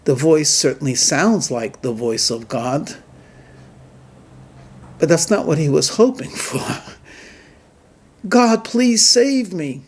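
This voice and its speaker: A man giving a sermon as a rabbi, telling a story and drawing its lesson in a measured, deliberate way. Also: on the high side, expressive, slightly rough. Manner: measured, deliberate delivery with emphatic pauses.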